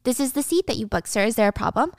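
A woman voicing an arrogant, hot-tempered male company director who shouts and bullies. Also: a little high, lively intonation, fast talker, dry recording, studio quality. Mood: furious. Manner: shouting, bullying.

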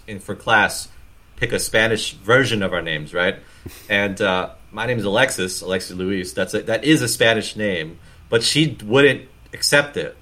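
A man's voice: on the low side, sharp tone. A man hosting a casual comedy podcast, telling stories and acting out quoted lines. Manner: storytelling, quick to act out quotes. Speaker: podcast host.

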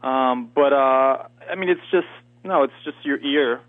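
A guest actor, a native French speaker from near Montreal, Canada, speaks at a measured pace in a medium-pitched voice. The interview is casual and loaded with fillers and restarts, heard through a tinny phone line with no echo and a dry sound.

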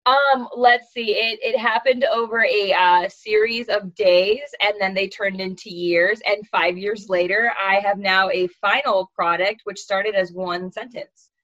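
A woman's voice: medium pitch, steady tone, a little slow, hardly any pauses, fairly bright tone, highs cut off. A woman from California, an author and guest, talking in a rambling way as she searches for words. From La Jolla, California. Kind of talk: casual interview chat.

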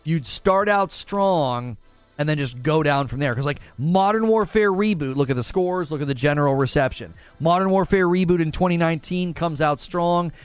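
A man's voice: fairly high pitch, moderate pace, clean tone, no room sound, faint music behind. A man giving heated, opinionated commentary in a casual way, repeating himself for emphasis. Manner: emphatic, heated, repeats words, mocking quoted voices. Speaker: gaming commentator.

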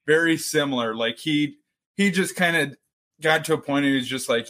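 A man's voice: fairly high pitch, normal speed, fairly bright tone. Easygoing young man chatting. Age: young adult. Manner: easygoing, swearing. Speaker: podcast co-host. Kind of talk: casual chat.

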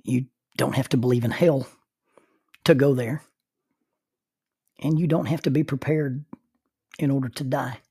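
Middle-aged male minister, mid-pitched and husky, halting storyteller, dry close recording. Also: fairly even intonation, dark tone, no room sound. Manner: halting, repeats words when starting. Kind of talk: personal storytelling talk.

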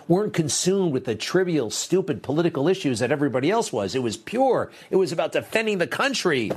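A man's voice: lowish voice, breathy edge. A man hosting political commentary, sarcastic and dismissive in his opinions.

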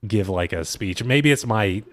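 Casting note: man, mid-pitched, casual podcast co-host, rambling and filler-heavy, dry close-miked sound. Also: expressive, a little slow, no room sound. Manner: rambling recaps with quoted impressions. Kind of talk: casual chat.

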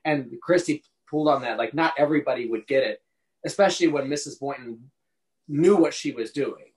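A man's voice: mid-range voice, brisk, poor audio. A man co-hosting a casual book chat, talking things over and now and then acting out quotes in put-on voices. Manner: animated, acts out quotes in character voices. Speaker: podcast co-host.

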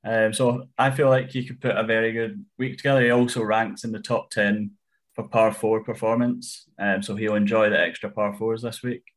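A man tipping golf bets in casual chat, analytical and measured with frequent ums. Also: on the low side, little pitch movement. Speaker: golf betting tipster.

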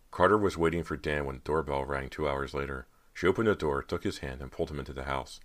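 A man narrating a teen horror audiobook in a measured storytelling manner. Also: rumbling low. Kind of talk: scripted narration.

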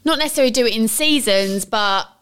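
A woman's voice: on the high side, fast, a bit bright, clear, resonant tone. A woman, co-hosting a casual podcast, chatty and laughing easily. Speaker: podcast co-host. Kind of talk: casual chat. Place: living room at home.

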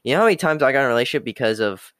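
A man's voice: medium pitch, animated, very fast, fairly bright tone, no room sound, clean studio sound. A young man giving a blunt, profane motivational rant, repeating catchphrases like okay and the hard truth. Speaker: self-improvement talker.

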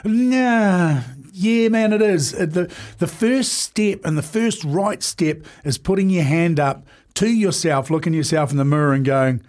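Brief: man, 40s, podcast guest, earnest and halting, slightly high pitch. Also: darkish tone. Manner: earnest, halting, many fillers and restarts. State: emotional at times. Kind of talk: candid conversation.

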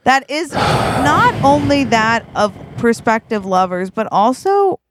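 Slow-talking woman co-host, giggly storyteller. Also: on the high side, big pitch swings, heavy background noise. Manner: giggly, plays out scenes in quoted voices. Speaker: podcast co-host. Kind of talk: casual improvised storytelling.

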